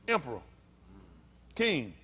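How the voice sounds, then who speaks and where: Here the pastor, a man whose voice sits notably high, speaks slowly with a breathy edge as he gives a teaching sermon. He stays animated and voices the people he quotes, though his reading aloud is halting.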